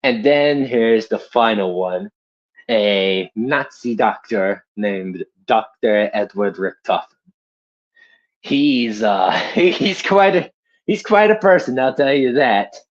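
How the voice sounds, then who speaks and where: A man's voice: fairly low pitch, animated, slow. A young man on a casual live stream, an amateur voice actor who talks in a rambling, self-deprecating way. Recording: dull lo-fi streaming audio.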